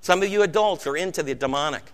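An American man preaching a sermon with passion, swinging between loud outbursts and hushed low tones. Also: fast. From United States. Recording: long reverb of a large hall.

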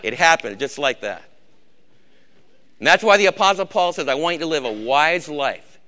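An older man with a gray beard preaching a sermon, urging his congregation and swinging between hushed warnings and shouted exhortation. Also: on the high side, lively intonation, normal speed. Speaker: pastor.

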